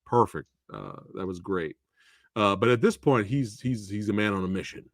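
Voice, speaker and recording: A man hosting a live movie review, talking in a casual, animated way and slipping into exaggerated quoted voices. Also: on the low side, normal speed, dry recording, studio quality. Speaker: host of a movie review show.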